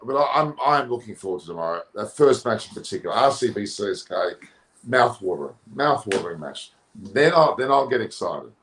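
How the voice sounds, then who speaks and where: A middle-aged man trading cricket opinions in casual conversation. He is jokey and animated, and his voice leaps up in pitch when he protests. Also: brisk, low-quality recording. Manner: animated, jokey, rises high when indignant. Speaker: cricket show co-host. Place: Coogee, Australia.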